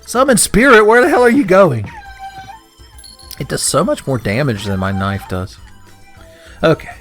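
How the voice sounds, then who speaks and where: A man's voice: fairly low pitch, a bit bright. Joking, cursing man playing a video game. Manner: joking, swearing, laughs often, mock voices. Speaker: let's play commentator. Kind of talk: casual gameplay commentary.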